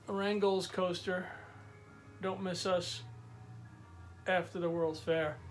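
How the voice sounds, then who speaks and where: New man, slightly high voice, eager and chatty, show-and-tell vlog with faint music underneath. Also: flat delivery, takes it slowly, long pauses. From New York, USA. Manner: enthusiastic, chatty, with many fillers. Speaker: collector showing his items.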